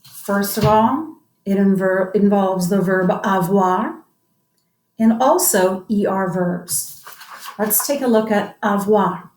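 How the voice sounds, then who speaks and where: A woman's voice: medium pitch, slow pace, darkish tone, slight background noise. An upbeat woman teacher runs a grammar lesson, coaxing the class to answer back. Her voice sits in a middle register. The sound carries a noticeable room echo. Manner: upbeat, coaxing call-and-response drilling. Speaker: French teacher.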